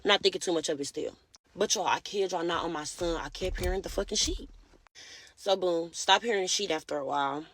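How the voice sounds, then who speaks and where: A woman's voice: lowish voice, brisk, fairly bright tone. A woman telling a personal story to her viewers in a brash, profane, casual way, constantly calling out to them as y'all.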